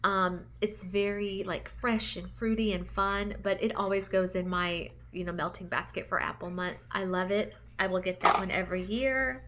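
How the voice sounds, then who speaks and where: A woman's voice: medium pitch, fairly even intonation, normal speed, few pauses, fairly bright tone. A woman hosting a casual review chat, gushing to her viewers with lots of fillers. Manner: chatty and gushing, many fillers, talks straight to viewers. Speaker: candle and wax melt channel host.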